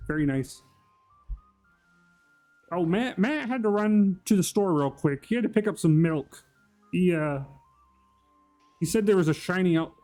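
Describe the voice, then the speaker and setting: A man's voice: fairly high pitch, mellow, natural voice. A man putting on a meek, flustered frog puppet voice while chatting on a live stream, rambling and apologizing to his chat.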